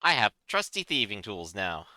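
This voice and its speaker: A man's voice: fairly low pitch, very animated, normal speed, pushed and bright, no echo. A man playing a tabletop game, chatting casually and joking with the group. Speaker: player.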